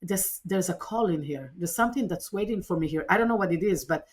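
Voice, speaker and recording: A woman recounting a personal story as a podcast interview guest, earnest and animated, often restarting her sentences. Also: fairly low pitch, brisk, breathy edge.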